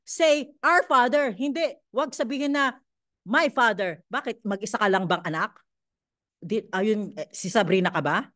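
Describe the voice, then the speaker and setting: Woman pastor, Filipino accent, higher-pitched voice, lively sermon delivery, repeats lines for emphasis. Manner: lively, repeats phrases for emphasis, asks the congregation questions.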